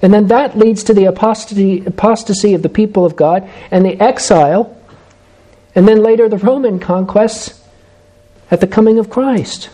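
High-voiced, mellow male preacher. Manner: measured, emphatic, slows for key phrases. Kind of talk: sermon.

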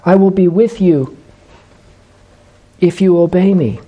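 A man preaching a sermon, measured and emphatic, slowing down to stress key phrases. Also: sits high, warm tone.

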